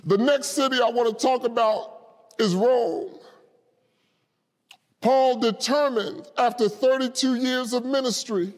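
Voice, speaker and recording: A man preaching a sermon with passion, rising to shouts at the high points. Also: measured pace, pauses often. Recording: long hall reverb.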